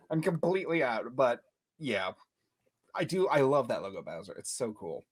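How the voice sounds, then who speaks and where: Animated young man co-hosting a podcast. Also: mid-range voice, husky. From Long Island, New York. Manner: animated, laughs often, quick storytelling. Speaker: podcast co-host. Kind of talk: casual chat. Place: home room.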